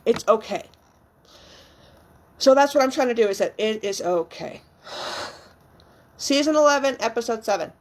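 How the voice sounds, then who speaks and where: A woman's voice: on the high side, animated, unhurried, pauses often. A young woman vlogging as a new mother, talking candidly and emotionally, rambling with frequent ums and casual swearing. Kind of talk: casual, candid vlog chat.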